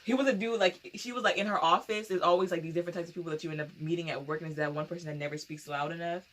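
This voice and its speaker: Bright-voiced young woman recapping a show. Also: lowish voice, racing. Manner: animated, laughs often, acts out quotes. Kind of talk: casual TV recap chat.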